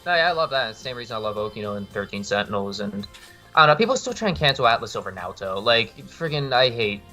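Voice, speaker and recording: A man's voice: mid-range voice, sing-song, fast talker, bright, forceful tone, soft background music. A man chatting as a podcast guest, blunt and casual, swearing freely and laughing often. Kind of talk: casual chat.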